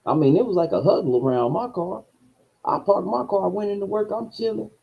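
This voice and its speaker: A man telling a profane story in a casual rant, his voice swinging between low mutters and loud outbursts. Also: a little fast, gravelly, slightly rough, highs cut off. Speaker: streamer.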